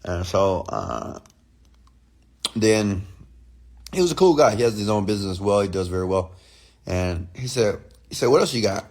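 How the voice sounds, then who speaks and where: An animated man in a casual late-night rant who talks straight to his viewers. His pitch swings a lot, and he jumps into high, mocking voices to act out other people. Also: normal speed, pauses often. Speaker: online entrepreneur and mentor.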